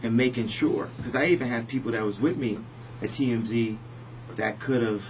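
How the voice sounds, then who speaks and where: A man being interviewed on the radio, talking in a halting, rambling way full of restarts. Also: mid-range voice, slight background noise, poor audio. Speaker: interview guest. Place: radio studio.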